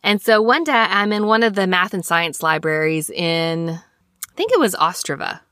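Bright-voiced chatty woman from Alabama. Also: fairly low pitch, animated, normal speed, no echo, studio quality. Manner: chatty, rambling storyteller with asides. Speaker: scripture study podcast host. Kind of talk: casual scripture lesson.

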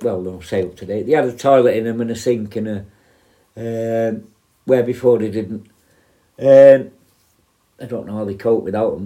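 A man's voice: mid-range voice, darkish tone. A man, a former prison officer, telling stories casually with many fillers and asides. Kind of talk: casual storytelling.

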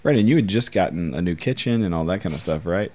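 A man's voice: low-pitched, expressive, fast talker, a little mellow, slight background noise. A man interviewing a guest, prompting her with supportive questions. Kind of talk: conversational interview.

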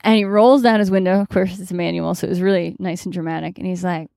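A woman who is a religious sister co-hosting a podcast, chatting casually and telling animated stories that leap into quoted voices. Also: lowish voice, fast, gravelly, dry recording, clean studio sound. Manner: animated storyteller, big jumps into quoted voices. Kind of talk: casual chat and prayer.

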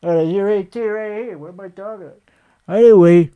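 A man playing a crude, boastful male singer, talking in a hoarse voice with a rambling, profane, cocky manner in a comedic character monologue. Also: high-pitched, fairly quick, dry recording, dull audio, natural voice. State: hoarse from singing.

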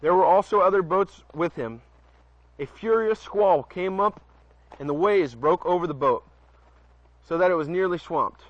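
A high-pitched man preaches informally at a moderate pace, pausing often as he reads from the Bible, stumbling over words and adding friendly asides. There's no room sound, though the lo-fi recording is dull; he's outside at night near a porch.

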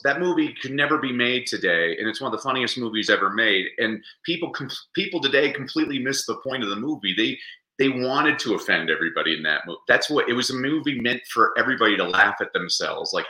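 A man chatting in an interview, animated and jokey, laughing often. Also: mid-range voice, roomy sound, low-quality recording. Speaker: interview guest. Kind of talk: casual interview chat.

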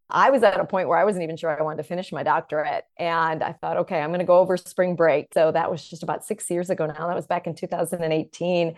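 A woman author and teacher from the Chicago area, a guest on a podcast, telling her story in an animated, enthusiastic way. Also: on the low side, no room sound, clean studio sound. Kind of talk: conversational interview.

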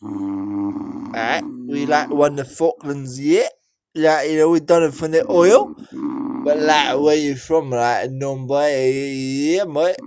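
A man's voice: a little high, takes it slowly, noisy background. Drunk English man, rowdy and crude. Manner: rowdy, crude, slurring banter. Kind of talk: casual voice chat.

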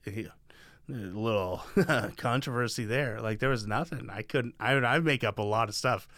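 Male co-host, bright mid-pitched voice, dry close sound, playful rambling banter. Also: moderate pace, no echo. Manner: jokey, rambling, many restarts and "like"s. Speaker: podcast co-host. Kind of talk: casual chat.

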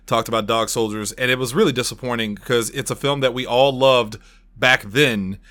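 A man hosting a podcast and chatting casually, loud and ranting, swearing freely. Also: medium pitch, fairly even intonation, moderate pace. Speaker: podcast host.

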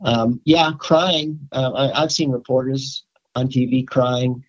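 Older man speaking haltingly, dull audio. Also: medium pitch, fairly even intonation. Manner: halting, many fillers and restarts. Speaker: rabbi, podcast guest. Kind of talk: casual interview conversation.

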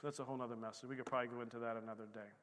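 A man pastor preaching a sermon during a church service, swinging from quiet conversational asides to loud, fired-up exhortation. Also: medium pitch, level tone, very fast, long reverb tail.

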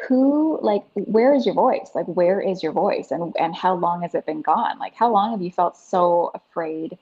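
A woman in her thirties, a podcast guest, telling her story in an earnest, animated way with lots of "like". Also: mid-range voice, breathy edge. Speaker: podcast guest, breathwork facilitator. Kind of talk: casual interview storytelling. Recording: dull lo-fi sound.

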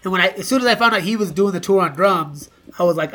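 A man's voice: high-pitched, fairly quick, hardly any pauses, fairly bright tone, soft background music. A middle-aged man, a podcast guest, telling casual stories with lots of swearing and laughs between lines. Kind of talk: casual storytelling.

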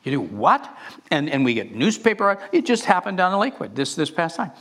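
A man preaching a sermon with a rather high voice that swoops and rises all over the place. He speaks with passion, often repeating words and restarting his phrases as he builds his point. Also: sing-song, fairly quick, a bit bright. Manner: impassioned, with repetitions and restarts. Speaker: pastor.

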